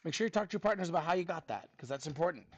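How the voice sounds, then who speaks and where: Lively upbeat math teacher. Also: male voice, a little high, rapid-fire, lo-fi sound. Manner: upbeat, prompting students for answers. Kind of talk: classroom teaching. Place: classroom.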